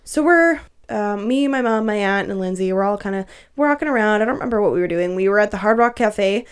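A woman's voice: mid-range voice, lively intonation, a little fast, clear, resonant tone. Profane laughing young woman storyteller. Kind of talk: casual storytelling chat.

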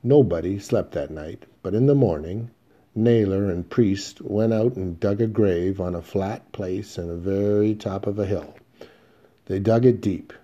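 A male audiobook narrator telling a western in the first person, steady and measured. His voice is low and dark, with a mellow tone. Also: lo-fi sound.

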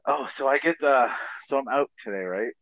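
A man's voice: medium pitch, fairly quick, dry recording, narrow, tinny audio. A man co-hosting a casual podcast chat, telling anecdotes with acted-out voices and free swearing. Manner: animated storyteller who acts out voices in anecdotes, swears freely. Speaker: podcast co-host, comedian.

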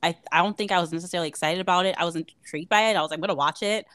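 A woman co-hosting a casual chat podcast, her voice sitting on the low side for a woman. She gushes as she talks and fills her sentences with "like". The sound is close and dry, with no room around it. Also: rapid-fire, fairly bright tone, dry recording. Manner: chatty and gushing, heavy use of "like". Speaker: podcast co-host.

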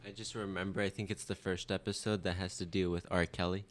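A man's voice: low-pitched, level tone, quick pace, slight background noise. A young man in casual chat, easygoing and a little nostalgic.

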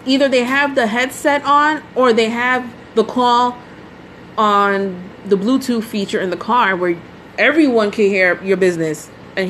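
A woman hosts her own podcast and rants casually about her experiences, filling her speech with "you know" and "like" and dropping in the odd swear word. Her voice sits in an ordinary middle pitch. A faint hum runs in the background. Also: a bit bright, poor audio. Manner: exasperated ranting storytelling, full of "you know" and "like"; mild swearing. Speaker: podcast host. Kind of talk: casual solo podcast monologue.

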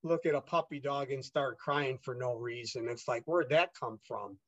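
A man's voice: medium pitch, moderate pace, fairly bright tone, no room sound, lo-fi sound. A man being interviewed, telling his own story in a loose, rambling way, with many fillers and restarts as he re-enacts the dialogue. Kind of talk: casual conversational storytelling.

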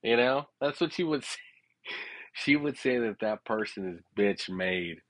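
A man with an expressive, slightly bright mid-range voice, speaking a little slowly on a dry recording, tells a rambling, profane personal story. He keeps checking in with listeners, often saying "you know what I'm saying," and laughs at his own tale.

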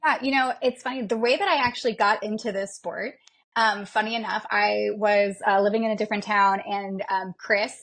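A woman who fights and bodybuilds, a guest on a podcast, telling stories in a candid, self-mocking, animated way. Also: medium pitch, brisk. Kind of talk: casual interview chat.

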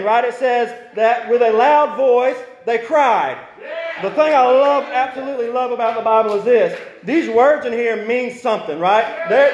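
A man preaching a fervent sermon in a church, reading scripture and rising to impassioned shouts, often asking the congregation "right?". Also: extremely high pitch. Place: church sanctuary. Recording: echoey, dull lo-fi sound.

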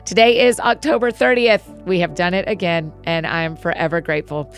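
A woman hosting a daily Bible-reading podcast, reading scripture aloud in an earnest, steady way. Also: on the low side, brisk, soft background music.

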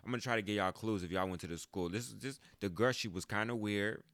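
A man in his twenties hosting a podcast, telling a story in a casual, profane, animated way and jumping into high mocking voices. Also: fast talker, no room sound. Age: 20s. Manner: animated, profane, jumps into high mock voices when quoting. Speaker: podcast host. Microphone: close podcast mic.

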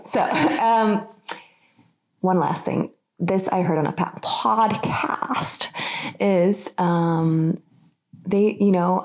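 A woman's voice: medium pitch, a little mellow. A woman from Nordic Europe co-hosting a casual chat, rambling with many fillers and frequent laughter. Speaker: podcast co-host.

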